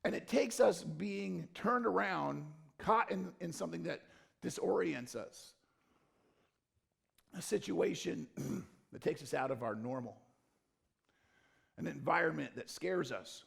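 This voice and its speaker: A man preaching a sermon as pastor, swinging between loud emphatic lines and low, quiet, intimate ones. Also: expressive, measured pace, vocal fry, pauses often. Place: church stage or studio.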